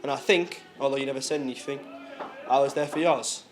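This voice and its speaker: A man speaks quietly and haltingly, with some pauses. His voice sits at an ordinary middle pitch for a man. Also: steady tone, slight background noise. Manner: quiet, hesitant. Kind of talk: casual spoken tribute.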